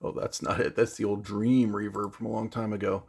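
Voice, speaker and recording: A man's voice: on the low side, flat delivery, fairly quick, creaky, a little mellow, husky. A man vlogging about his audio gear in a casual, exasperated rant, sarcastic and rambling, often restarting his sentences. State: one-handed while handling gear. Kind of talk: casual ranting vlog.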